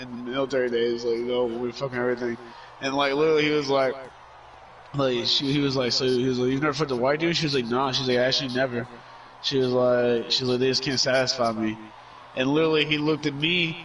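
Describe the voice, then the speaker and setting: A man's voice: medium pitch, fairly bright tone, lo-fi sound, slight background noise. A man streaming, telling a long story in a rambling way, full of filler words and cursing. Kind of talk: casual storytelling. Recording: voice somewhat far from mic.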